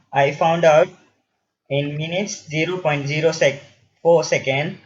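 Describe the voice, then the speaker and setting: A man student giving a class presentation, explaining slowly and carefully. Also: on the high side. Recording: dull lo-fi with faint noise.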